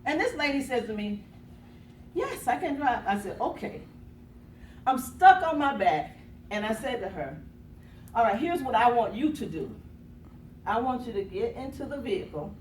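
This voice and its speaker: A woman's voice: medium pitch, slight background noise. A woman motivational speaker telling a dramatic personal story, acting out the quotes with gasps and bursts of laughter. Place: conference room. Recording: echoey room from a distance.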